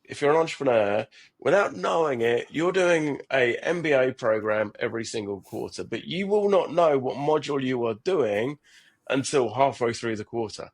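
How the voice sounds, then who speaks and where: Husky, creaky-voiced man talking earnestly. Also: medium pitch, animated, moderate pace. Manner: earnest, repeats words and restarts often. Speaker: podcast guest, startup founder. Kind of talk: reflective conversational interview.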